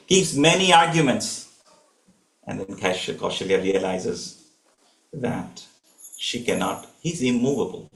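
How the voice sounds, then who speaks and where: A man telling a devotional story at a home gathering, animated and using filler words. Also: fairly low pitch. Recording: echoey room.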